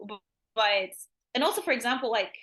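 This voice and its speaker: A woman teaching languages chats freely in an interview. Her voice is bright and forceful and sits somewhat high. She rambles and fills her speech with "like," laughing easily. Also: animated, brisk. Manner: rambling, frequent "like", laughs often. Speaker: language teacher, podcast guest. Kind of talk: casual interview chat.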